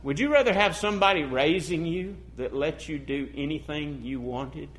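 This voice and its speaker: A male preacher delivering a sermon, asking the listeners questions and swinging from loud, emphatic declarations to hushed, intimate passages. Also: a little high, normal speed, a little hiss or hum. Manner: asks the congregation rhetorical questions.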